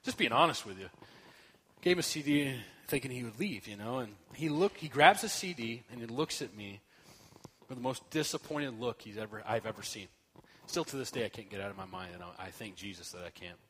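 A man giving a sermon as a guest speaker, telling a story in an animated, joking way that swings from loud to soft. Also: medium pitch, fairly quick, big-room sound, a little hiss or hum.

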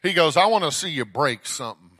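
A bright, forceful male evangelist from Texas works up a church crowd, shouting "come on, somebody" between stories. His voice sits a little high and swings from loud bursts down to hushed asides. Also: lively intonation, fairly quick. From Dallas, Texas. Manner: exuberant, calls out to the crowd, storytelling. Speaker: guest evangelist preacher. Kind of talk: energetic Pentecostal sermon. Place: church sanctuary.

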